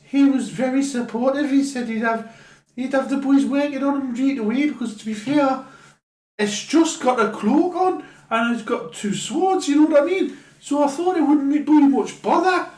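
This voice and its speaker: Brief: chatty woman, fairly high voice, rambling comic storytelling, echoey room. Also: darkish tone. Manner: chatty, rambling, laughs often. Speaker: comedy sketch performer.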